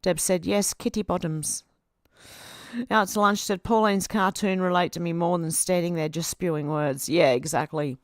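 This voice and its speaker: A woman's voice: lowish voice, steady tone, moderate pace, no echo, studio quality. A woman with an Australian accent, chatting casually on a live stream as she reads out viewer comments and reacts to them. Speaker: video host reading viewer comments.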